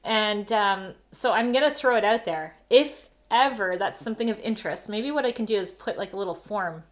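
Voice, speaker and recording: A woman from Canada hosting a casual family live stream, chatty and quick to laugh, with plenty of "like". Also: mid-range voice. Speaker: host. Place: home during lockdown.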